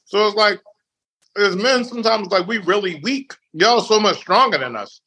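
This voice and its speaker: Bright, animated man in casual chat. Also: high-pitched, moderate pace, slightly rough. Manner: animated, acts out quotes. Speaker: podcast guest.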